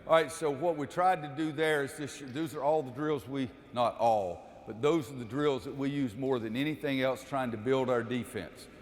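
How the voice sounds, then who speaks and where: In an echoey gym with long reverb, a man runs a basketball coaching clinic, calling out cues during drills and explaining the defense to the audience. His voice is mid-range, at a normal speed with hardly any pauses.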